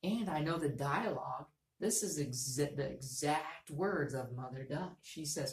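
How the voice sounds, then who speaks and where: A woman teacher with a deep voice gives a reading lesson to young students, speaking unhurriedly with few pauses. She explains patiently and repeats key points, recorded in an echoey room.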